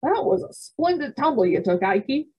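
A woman's voice: sits high, sing-song, unhurried, muffled recording, voice pushed up. Earnest teen brother, voiced by a woman. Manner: earnest, explaining. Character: earnest teenage brother, anxious.

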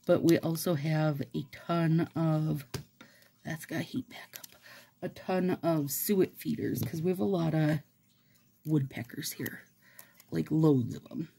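A woman vlogger chats casually while she does a manicure. Her voice is slow and mellow, with a gravelly, husky texture. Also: sits low, slight background noise. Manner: rambling, chatty, laughs often.

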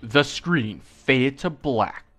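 A man reading a creepy fan story aloud, slowly, breaking off for joking asides and corrections. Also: medium pitch, lively intonation, a bit bright, soft background music. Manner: slow, with asides and self-corrections. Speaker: creepypasta reader.

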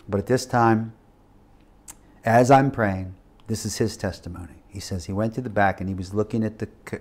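A man in his fifties teaching a missions class, telling a personal testimony with animated, emphatic swells like a preacher. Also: fairly low pitch. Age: 50s.

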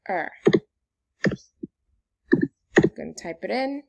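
A woman's voice: mid-range voice, animated, measured pace. Upbeat sing-song woman teaching phonics. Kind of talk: remote phonics lesson for young children.

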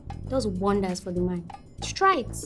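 A woman's voice: medium pitch, sing-song, normal speed, soft background music, natural voice. An actress playing a young woman doctor, chatty to the camera and soothing under pressure. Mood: playful. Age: young adult.

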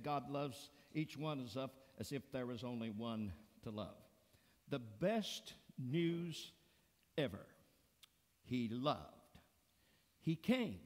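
A man preaching a sermon as pastor, telling a story slowly and deliberately. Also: on the high side. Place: church sanctuary. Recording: long church reverb.

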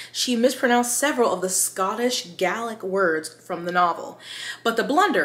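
A woman's voice: medium pitch, a bit bright, echoey room. A woman hosting a book video, chatting casually in a rambling, self-aware way and reading from an article.

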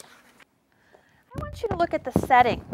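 A woman teacher in a classroom reading a storybook aloud to young children, with expressive sing-song delivery and questions to the class. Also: very high-pitched, slow pace, heavy background noise. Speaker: preschool teacher.

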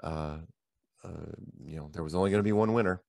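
A show host with a low, creaky voice talks fast and animatedly, rambling through anecdotes and repeating "he goes" in casual storytelling chat. He uses a handheld microphone, and the recording is dry.

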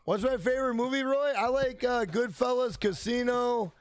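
A young man streaming a game, loud and brash, yelling and swearing as he answers his chat. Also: extremely high pitch, normal speed, no echo, soft background music. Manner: loud, yells to be heard; brash and profane, reads chat aloud. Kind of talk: casual live-stream chat.

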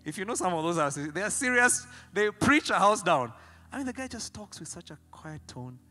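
Bright, lively Kenyan pastor. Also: male voice, sits high, brisk, faint music behind. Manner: animated storytelling, swinging from loud excitement to quiet emphasis. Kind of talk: sermon.

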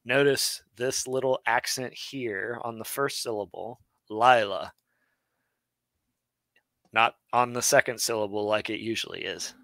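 A man co-hosting a live online grammar lesson, playful and quick to interject with puns. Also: mid-range voice, fairly even intonation, creaky, pushed and bright, dry recording. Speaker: co-host teaching Biblical Hebrew.

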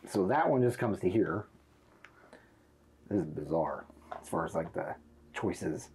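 Mellow-voiced joking man playing a board game. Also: low voice, lively intonation, unhurried, slight background noise. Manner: joking, playful, talks while clicking. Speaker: board game player running the app. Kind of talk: casual gameplay chat.

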